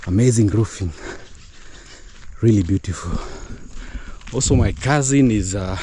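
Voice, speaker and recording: A man's voice: fairly low pitch, unhurried, dark tone, slight background noise. A man vlogging casually on his farm, chatty and loose with fillers and restarts, out of breath from walking uphill. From East Africa. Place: outdoors on a rural farm.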